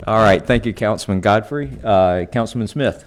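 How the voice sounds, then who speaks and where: A man with a lowish voice runs a council meeting as mayor. He moves briskly from speaker to speaker and keeps saying "all right" as he goes.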